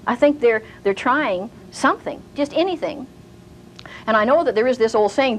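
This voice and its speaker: Lively high-voiced older woman teaching. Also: moderate pace, slight background noise, low-quality recording. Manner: animated storyteller, acting out quoted voices. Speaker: Bible teacher. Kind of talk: teaching sermon with anecdotes.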